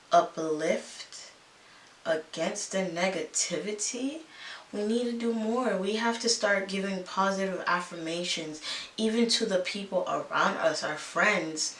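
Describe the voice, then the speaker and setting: A woman's voice: medium pitch, fairly bright tone. A woman vlogger chatting casually while getting ready, earnest and emphatic as she encourages her listeners. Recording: echoey room, mic at a distance, faint hiss.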